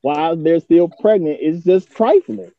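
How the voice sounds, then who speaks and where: Man, slightly high voice, firm and stubborn, tinny phone-line sound, dry. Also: measured pace, vocal fry. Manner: firm, stubborn, repeats his verdict. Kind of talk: casual podcast debate.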